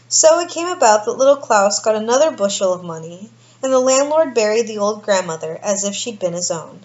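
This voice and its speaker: A woman reads a storybook tale aloud at a medium pitch, giving each character a voice of its own through changes in pitch and pace. The recording sounds muffled and slightly dull. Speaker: reader.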